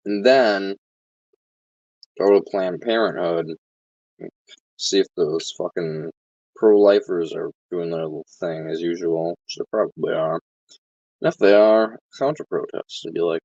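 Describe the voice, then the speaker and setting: A man talking casually to camera in a sarcastic, deadpan way, with plenty of swearing. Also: deep voice, normal speed, long pauses, dry recording, lo-fi sound. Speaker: vlogger.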